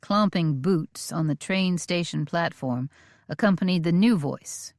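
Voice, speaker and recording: A woman reading a western romance audiobook in measured, steady storytelling. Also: fairly low pitch, dry recording, studio quality. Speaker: audiobook narrator. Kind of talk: scripted audiobook narration.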